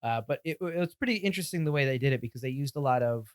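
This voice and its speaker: A man co-hosting a film podcast talks fast in a casual, chatty way. He gives loose, enthusiastic opinions, and his voice is close and dry, with no room sound behind it. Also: mid-range voice, lively intonation, smooth, no echo. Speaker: podcast co-host. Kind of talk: casual chat about a film.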